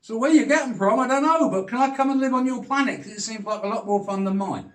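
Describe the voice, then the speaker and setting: A man's voice: very high voice, expressive, quick pace, roomy sound. An older British man delivering a blunt, sweary, heated rant straight to camera. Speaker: vlogger. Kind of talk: ranting monologue.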